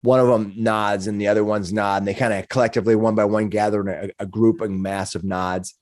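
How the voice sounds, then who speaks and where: A man narrating as game master of a tabletop game, talking in halting bursts with many restarts. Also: lowish voice, flat delivery, darkish tone, no room sound, studio quality.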